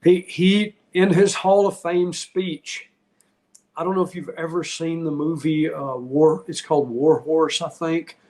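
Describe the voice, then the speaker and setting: Candid middle-aged man, slightly high. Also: steady tone, measured pace, darkish tone. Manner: candid, rambling, heartfelt, with frequent restarts. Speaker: podcast guest, retired wrestler. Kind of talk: casual interview storytelling.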